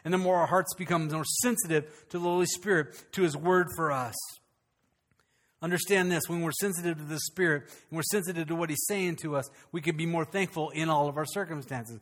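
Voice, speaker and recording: A man preaching a sermon as pastor, animated and calling out questions to his congregation. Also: on the high side, brisk, big-room sound.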